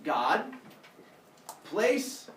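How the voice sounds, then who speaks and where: A man's voice: high voice, very animated, drawn-out words, a crowd in the background. A man teaching a class, lecturing in a playful, joking way. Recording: echoey classroom from far off.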